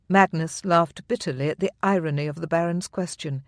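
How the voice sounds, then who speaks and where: An audiobook narrator reading a historical romance in measured, even storytelling. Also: mid-range voice, no echo, clean studio sound. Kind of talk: scripted narration.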